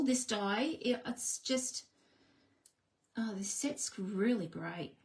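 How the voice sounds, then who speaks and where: A woman speaks slowly but animatedly in a medium-pitched voice while hosting a live card-making stream, with a little hiss or hum in the background. She chats casually with her viewers as she works, often laughing at herself.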